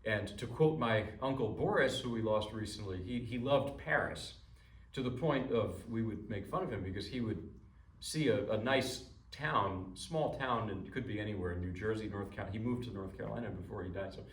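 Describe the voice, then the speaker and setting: A man's voice: fairly low pitch, brisk. A man talking to his audience before he plays a piano piece. He talks chattily and with jokes, restarting his sentences often. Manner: chatty, rambling, jokey, many restarts. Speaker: pianist introducing a piece. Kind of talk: informal recital talk. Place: recital room. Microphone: distant mic. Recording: echoey room from far off.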